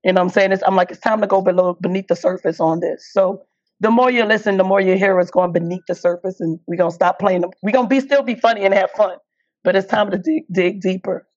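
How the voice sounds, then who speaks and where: A woman's voice: mid-range voice, quick pace. A woman comedian, chatting in a casual interview, laughing and acting out what people said. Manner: animated, laughing, acts out quotes. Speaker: comedian guest. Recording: dull lo-fi audio.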